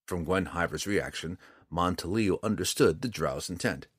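A man narrating a fantasy audiobook in a measured, expressive storytelling manner. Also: sits low, breathy edge, dry recording, studio quality.

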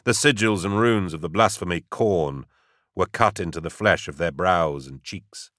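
A man narrating an audiobook in a steady, dramatic way. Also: sits low, moderate pace, dry recording, studio quality.

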